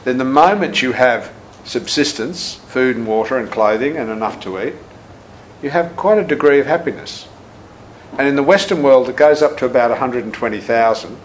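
Guy giving a relaxed buddhist talk, tells stories and does the voices, bit of hiss behind. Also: mid-range voice, moderate pace, rough recording. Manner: storytelling, acts out quotes, laughs at his own anecdotes. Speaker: Buddhist teacher and shiatsu therapist. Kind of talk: casual teaching talk with anecdotes.

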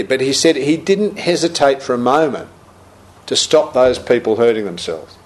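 Man in his sixties, Buddhist teacher, animated anecdotal storytelling. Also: mid-range voice, normal speed. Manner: animated anecdotal storyteller, acts out quotes, laughs. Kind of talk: storytelling talk.

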